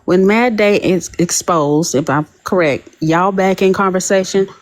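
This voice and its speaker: A woman's voice: fairly low pitch, unhurried. A woman on a live-stream panel asking a question, hesitant and stumbling over her words. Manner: hesitant, stumbling, repeats herself. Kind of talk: casual live-stream chat.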